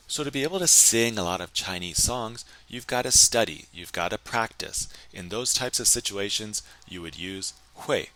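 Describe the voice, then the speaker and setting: A man teaching a recorded Chinese grammar lesson, explaining in English and slowly modeling sentences in Chinese. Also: on the low side, expressive, pushed and bright, dry recording.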